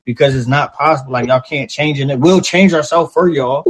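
A man talking casually as a podcast co-host, animated and profane, acting out little quotes as he argues his point. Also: fairly high pitch, fairly quick, slightly rough. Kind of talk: casual chat.

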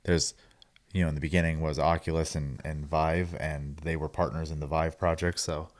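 A man's voice: a bass voice, level tone, normal speed. A man co-hosting a casual podcast chat, easygoing and agreeable. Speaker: podcast co-host.

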